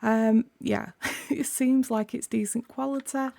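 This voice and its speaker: Croaky, gravelly woman unboxing crafts. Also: a little high, steady tone, measured pace, darkish tone. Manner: chatty, rambling, self-correcting. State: sore throat, croaky. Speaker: craft channel host. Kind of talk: casual unboxing chat.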